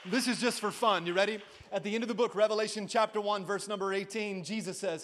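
A man preaching an Easter sermon to a church congregation, calling out to the crowd for a response and swinging between shouted lines and hushed ones. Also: sits high, fairly even intonation, quick pace, hardly any pauses. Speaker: pastor. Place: church service before a congregation.

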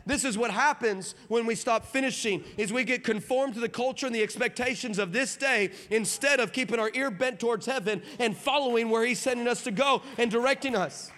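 A man's voice: very high-pitched, fairly quick, few pauses, a bit bright. A man from El Paso, a pastor preaching a sermon, telling stories animatedly, acting out dialogue, and building to emphatic points. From El Paso, Texas. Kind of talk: sermon with storytelling. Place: large hall with audience. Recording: reverberant hall.

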